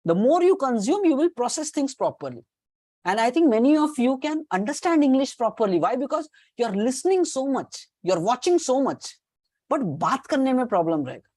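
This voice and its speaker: A woman's voice: sits high, sing-song, moderate pace, mellow, no echo. A woman with an Indian accent teaching an online class on communication skills, coaching her students, repeating key points and mixing Hindi phrases into her English.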